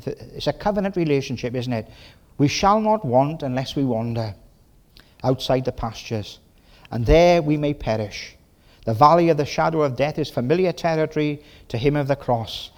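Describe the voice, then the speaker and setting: Lively Welsh preacher, folksy. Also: male voice, medium pitch. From Wales. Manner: folksy, lively, quick bursts with tag questions. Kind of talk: sermon.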